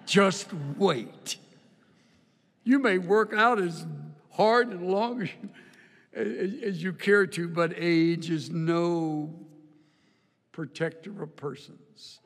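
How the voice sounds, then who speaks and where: Older male pastor, folksy joking sermon delivery, slow pace, echoing hall. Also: high voice, steady tone, vocal fry. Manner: folksy storytelling with humor, repeats words. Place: church auditorium.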